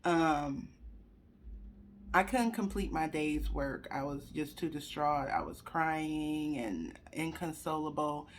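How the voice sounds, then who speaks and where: A woman's voice: sits low, animated, slow pace, a little hiss or hum. A young woman talking to viewers at her computer, telling a personal story while trying not to cry. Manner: chatty, addresses viewers directly; fighting back tears. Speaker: vlogger sharing a personal story. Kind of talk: emotional personal testimony. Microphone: computer webcam.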